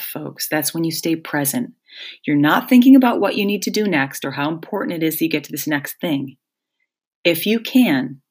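A woman with a notably low voice hosts a reflective self-help monologue. She talks in a relaxed, conversational way and addresses her listeners directly as folks.

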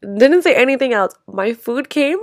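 A young woman from Canada, co-hosting a podcast in casual, expressive chat full of swearing. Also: high-pitched, normal speed. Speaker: podcast co-host.

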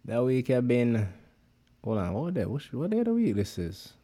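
A man's voice: medium pitch, wildly swooping pitch, normal speed, dark tone. A man with a Jamaican accent, chatting casually as a podcast co-host in a rambling patois style. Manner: rambling Jamaican patois speech, many fillers. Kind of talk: casual chat.

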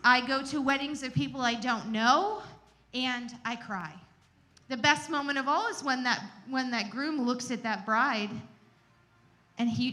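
A woman's voice: a little high, sharp tone. A woman giving a candid, self-deprecating teaching talk at a church gathering, telling personal stories.

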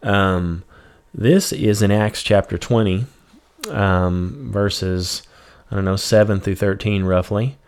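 Low-voiced man explaining scripture casually. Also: takes it slowly, smooth. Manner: reads scripture then paraphrases it plainly; relaxed, with fillers like "you know" and "um". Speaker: Bible teacher. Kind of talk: casual Bible study talk.

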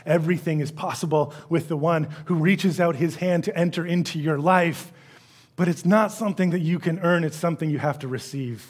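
A middle-aged man preaching a sermon with a somewhat high voice. He is animated and acts out the people he quotes, swinging from loud emphasis to hushed asides. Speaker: pastor.

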